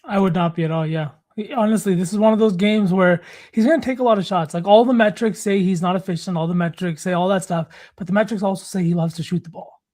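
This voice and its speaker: A man's voice: high-pitched, quick pace, a little mellow. A man co-hosting a sports betting show, breaking down player props in casual analytical chat.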